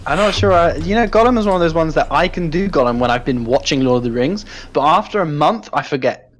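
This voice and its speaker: A man's voice: fairly high pitch, expressive, quick pace, low-quality recording. A man, an esports caster, chatting playfully and teasing his co-caster between matches. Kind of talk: casual chat between matches.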